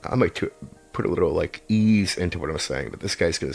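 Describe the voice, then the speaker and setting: A man's voice: deep voice, animated, fast, vocal fry, darkish tone, slightly rough, soft background music. A man, an experienced game master, giving casual advice to tabletop players in an emphatic, repetitive way, sometimes swearing.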